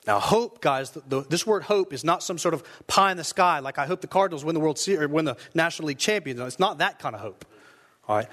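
Male pastor, fairly high voice, earnest emphatic sermon delivery. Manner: earnest, emphatic preaching with slow stressed phrases.

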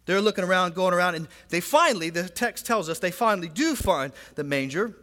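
Male pastor, high voice, chatty sermon full of asides, long hall reverb in a church. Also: fast, hardly any pauses, pushed and bright. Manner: conversational, frequent asides and "right?" tags. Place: church sanctuary.

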